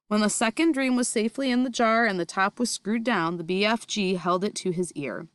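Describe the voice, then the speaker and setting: A woman's voice: medium pitch, a little fast, hardly any pauses, smooth, no echo. Woman reading a storybook aloud. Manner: steady expressive reading. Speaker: reader.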